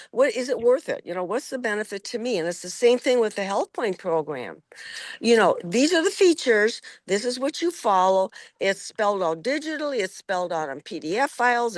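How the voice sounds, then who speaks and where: A woman's voice: mid-range voice, no echo, clean studio sound. A middle-aged woman health coach talking casually and eagerly, repeating phrases for emphasis. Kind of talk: casual group chat.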